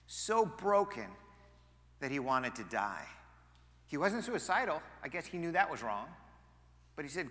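A male pastor preaching a sermon, animated, moving between loud emphasis and quiet asides. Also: medium pitch, long reverb tail. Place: church sanctuary.

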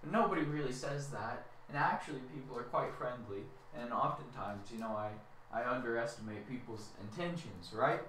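A man's voice: mid-range voice, normal speed, few pauses, a bit bright, slight background noise. A young man rambling in a whiny, self-mocking rant, repeating himself as he complains. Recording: echoey room, far from mic.

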